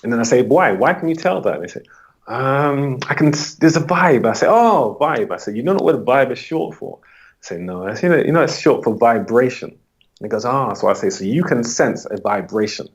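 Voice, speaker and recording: Fairly quick and slightly rough, with lively intonation, a man from the UK who is a holistic coach answers interview questions. He performs his client conversations, pushing his pitch upward as he does.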